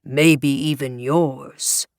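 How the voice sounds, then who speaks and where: A woman voicing a blustering male mayor who preaches in a slow, booming, dramatic pulpit style for an audiobook. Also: steady tone, darkish tone, dry recording, exaggerated voice. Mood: preaching. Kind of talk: audiobook character voice.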